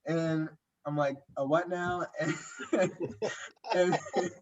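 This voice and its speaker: Young guy guesting on a podcast, kinda high voice, says like a lot, muffled lo-fi sound. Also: steady tone, very slow, distant mic. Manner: rambling, lots of "like" and restarts. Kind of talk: casual storytelling. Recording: dull lo-fi audio.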